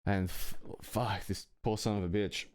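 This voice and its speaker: A man's voice: fairly low pitch, fairly even intonation, measured pace, dry recording, clean studio sound. A man telling a personal anecdote in a casual, rambling way, swearing often and chuckling between phrases. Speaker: storyteller.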